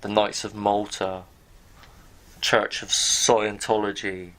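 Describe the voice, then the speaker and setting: A man's voice: on the low side, flat delivery, slow pace, a bit bright, a little hiss or hum. A man giving rambling, blunt commentary to his viewers as he reads from pages on screen, now and then swearing. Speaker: video host. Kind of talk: casual commentary while reading from pages on screen.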